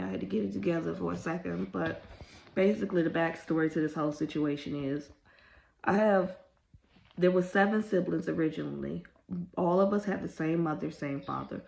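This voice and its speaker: A woman's voice: deep voice, gravelly. A woman in her thirties telling a family story on her vlog, emotional and rambling, fighting back tears and apologizing as she goes. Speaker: vlogger. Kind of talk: casual storytime.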